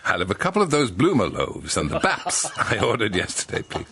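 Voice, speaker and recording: A man's voice: fairly low pitch, wildly swooping pitch, fairly quick, background noise. A man voicing a prim, polite middle-aged woman customer in a comic storybook reading.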